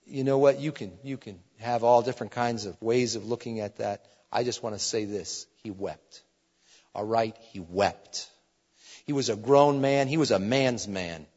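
A man preaching a sermon, swinging between loud exhortation and hushed, earnest pleading. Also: mid-range voice, moderate pace. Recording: dull, slightly lo-fi sound with long reverb.

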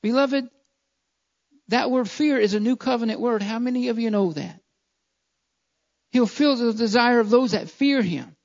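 A man's voice: very high-pitched, moderate pace, creaky, pauses often. Male pastor in his thirties, fervent sermon delivery, muffled lo-fi audio. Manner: fervent preaching with repeated appeals to the congregation. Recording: dull lo-fi sound.

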